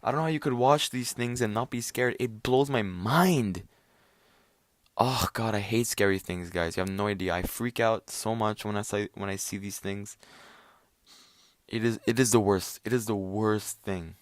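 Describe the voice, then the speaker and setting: Rambling, swearing young man with a low voice. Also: moderate pace, no echo. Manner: rambling, heavy swearing, lots of fillers. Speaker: podcast host. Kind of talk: casual solo chat.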